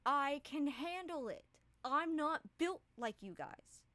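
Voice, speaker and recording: A woman's voice: sits high, expressive, slow pace, bright, forceful tone, dry recording, voice pushed up, full character voice. A woman voicing a brash, stubborn guide who can talk to horses and insists on her own plan. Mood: insistent. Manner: boastful, pushy.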